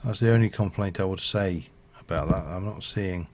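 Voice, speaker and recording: A man's voice: sits low, moderate pace, a little mellow. A man streaming a game, rambling and thinking aloud with lots of fillers as he plays. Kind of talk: casual gameplay commentary.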